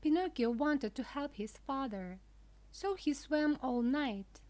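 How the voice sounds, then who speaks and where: A woman narrating a children's storybook for English learners, with clear, deliberate, simple phrasing. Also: high voice, animated, darkish tone.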